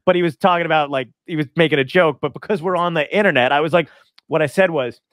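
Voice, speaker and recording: A man's voice: on the high side, fast, fairly bright tone, no echo, studio quality. A man hosting a podcast in casual chat, telling rambling anecdotes, swearing freely and laughing often. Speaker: podcast host.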